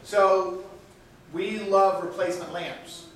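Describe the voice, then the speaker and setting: A man's voice: sits high, fairly even intonation, slow, a bit bright, slight background noise. A man running a product sales training session, upbeat and chatty, recorded from a distance in a reverberant room. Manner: upbeat, chatty, laughs between points. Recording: echoey room, mic far off.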